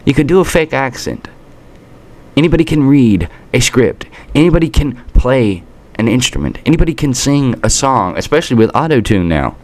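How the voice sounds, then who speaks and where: A US man hosts a political commentary rant, combative and sarcastic, sometimes tripping over words and starting again. His voice sits at medium pitch with big swings, a darkish tone, and a moderate pace.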